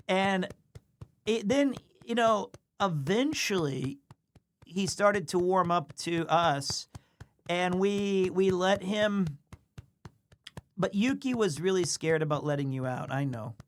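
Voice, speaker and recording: A man streaming live, chatting casually as he tells a rambling story and breaks off to coo at his cat. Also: fairly high pitch. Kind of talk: casual livestream chat.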